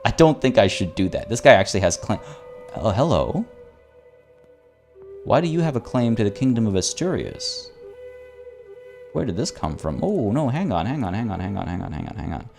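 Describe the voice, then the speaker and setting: A man's voice: fairly low pitch, wildly swooping pitch, moderate pace, creaky, long pauses, darkish tone, soft background music. A man streaming a strategy game, chatting playfully with his viewers, reading event text aloud, joking and often stumbling over and repeating his words. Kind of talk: live-stream gameplay commentary.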